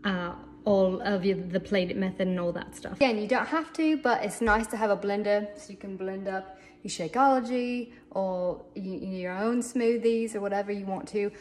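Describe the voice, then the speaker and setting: A woman's voice: mid-range voice, normal speed. A woman casually showing meal prep tools in her home kitchen, chatty and enthusiastic with playful asides. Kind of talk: casual kitchen demo video. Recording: loud background noise.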